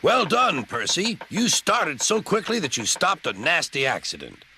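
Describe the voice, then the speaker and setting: A man voicing a big proud male express engine, bossy and booming, over music. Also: huge pitch swings, unhurried, pushed and bright, slight background noise, exaggerated voice. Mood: approving. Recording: music underneath.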